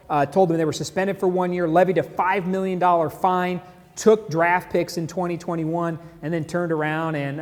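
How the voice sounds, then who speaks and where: Casual, jokey male stream host; high voice, reverberant room. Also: darkish tone. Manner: chatty, jokey, laughs at memes. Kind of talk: casual live-stream commentary. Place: San Antonio, Texas.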